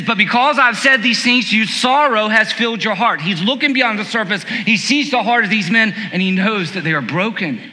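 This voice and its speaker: Pastor guy preaching, casual questions to the crowd, high voice, big echoey church. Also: sharp tone. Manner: conversational preaching, rhetorical questions, slows on key words. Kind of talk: sermon. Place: church sanctuary. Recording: long hall reverb.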